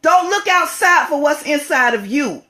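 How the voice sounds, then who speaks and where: A woman with a high-pitched voice delivers an impassioned spiritual talk. She is emphatic and preachy, hammering her points home by repeating phrases for stress. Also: expressive, moderate pace, pushed and bright.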